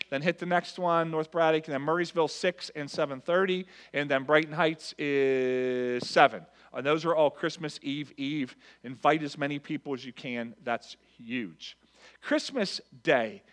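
A man's voice: fairly high pitch, fairly bright tone. A pastor giving church announcements in an earnest, conversational way, speaking directly to his congregation.

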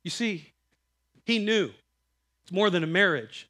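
A man's voice: high voice, a little slow. A middle-aged man preaching a sermon, telling family stories and acting out the voices in them. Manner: animated, acts out quoted voices, breaks into laughter. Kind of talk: sermon storytelling.

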